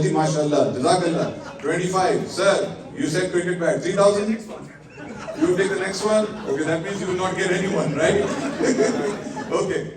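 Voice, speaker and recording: A man's voice: high-pitched, a little mellow. A man running a live charity auction, coaxing the crowd to bid and thanking donors with blessings. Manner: upbeat, coaxing bids, peppered with religious blessings. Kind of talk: live fundraising auction calling. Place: large indoor event hall. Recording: echoey hall, mic at a distance.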